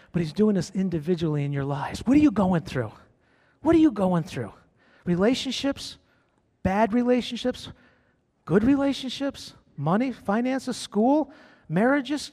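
A man preaching a sermon as pastor in a church, building emphasis through repetition. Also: high voice. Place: church sanctuary. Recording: long hall reverb.

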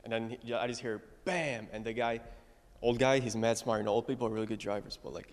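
A man's voice: mid-range voice, flat delivery, quick pace, long reverb tail. A young man giving a casual testimony to a congregation, telling it in a rambling way full of fillers. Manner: rambling, filler-heavy storytelling.

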